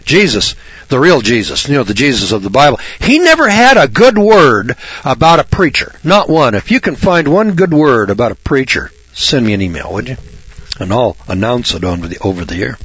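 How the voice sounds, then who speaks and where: Folksy, blunt male radio host with a husky voice, recorded dry and close. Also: mid-range voice, sing-song, moderate pace, a bit bright, dry recording, rough recording. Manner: folksy, blunt, frequent throat clearing. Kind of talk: radio talk monologue.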